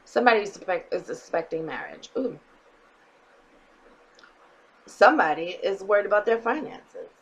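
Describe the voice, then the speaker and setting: Woman tarot reader, mid-pitched, talks bluntly with casual swearing and frequent check-ins. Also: lively intonation, moderate pace, pauses often, husky, low-quality recording. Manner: blunt and emphatic, swears freely, checks in with "okay?". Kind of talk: casual tarot reading to viewers.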